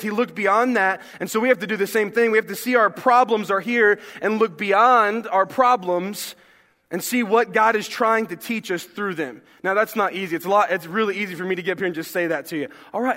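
High-voiced pastor in a reverberant church. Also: male voice, brisk, pushed and bright. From American South. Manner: conversational and joking, asks the congregation questions. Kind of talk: sermon. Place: church sanctuary. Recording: long hall reverb.

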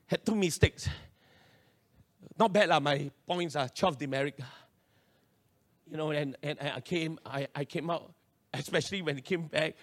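Animated high-voiced Singaporean pastor. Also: male voice, normal speed, long pauses. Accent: Singaporean English. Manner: animated storytelling with local slang and acted-out voices. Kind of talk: sermon with personal story.

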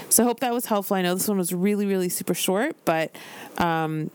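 A woman's voice: medium pitch, brisk, a little mellow, a little hiss or hum. A woman in her forties hosting a casual solo podcast, candid and chatty with lots of "like" fillers. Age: 40s. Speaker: podcast host and business coach.

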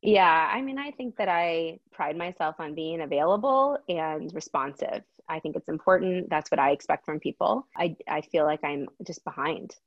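A woman's voice: deep voice, animated, normal speed, hardly any pauses, dry recording, lo-fi sound. A middle-aged woman guest in a casual chat, speaking candidly and expressively.

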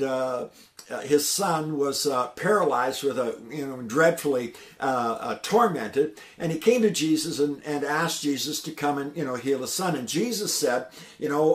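Halting preacher man in a roomy echo. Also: a little high. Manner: halting, full of "uh" and "you know" restarts. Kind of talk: sermon teaching.

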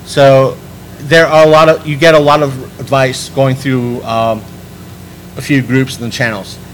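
A man hosting a podcast in casual chat, rambling and restarting his sentences, animated when he quotes people. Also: mid-range voice, measured pace, a little hiss or hum, low-quality recording. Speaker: podcast host.

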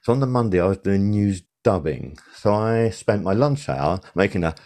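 A man's voice: fairly low pitch, animated, moderate pace, a little mellow. An older man, a television sound supervisor, recalling his career in a casual interview, rambling and correcting himself as he goes. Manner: rambling, self-correcting storyteller.

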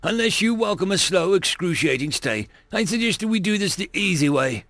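A man's voice: high-pitched, big pitch swings, brisk, a bit bright, no room sound, voice pushed up, heavily acted. A man voicing an irritable alien mercenary who sneers and threatens a prisoner, in a story reading. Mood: menacing.

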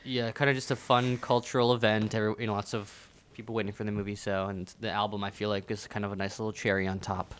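A man's voice: on the low side, level tone, fast, hardly any pauses, slight background noise. A man co-hosting a podcast, chatting in an easygoing way with short replies. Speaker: podcast co-host. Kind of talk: casual chat.

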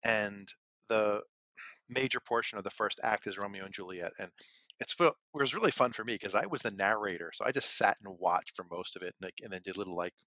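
A man with a lowish voice co-hosts a podcast and tells a long story. He talks casually and wanders with fillers. The sound is muffled and dry. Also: a little fast, pushed and bright, dry recording. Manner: rambling, with frequent fillers. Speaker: podcast co-host. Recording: dull, lo-fi and dry.

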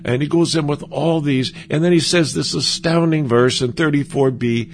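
Gravelly-voiced preacher guy, earnest, keeps restarting his sentences, faint room hum behind. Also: on the high side. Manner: earnest, halting with frequent restarts. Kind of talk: conversational sermon.

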